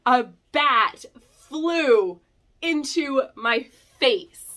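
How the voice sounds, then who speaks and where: Telling a story on her vlog, this woman in her thirties speaks in a high voice and draws out her words. She's animated and casual, leaning heavily on filler words and laughing often.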